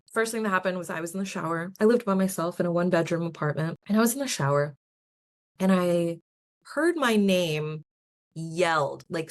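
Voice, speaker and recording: A young woman with a low voice talks through her own experiences in a casual podcast chat. She sounds earnest and chatty, laughs easily, and often breaks off to restart a sentence. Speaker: podcast host. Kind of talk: casual personal storytelling.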